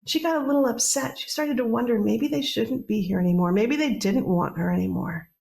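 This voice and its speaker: A woman telling a myth in a relaxed, conversational way, with restarts and playful asides. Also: on the high side, brisk, creaky. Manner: conversational, playful, with many restarts and animated quoted voices. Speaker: storyteller. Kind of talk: oral mythtelling.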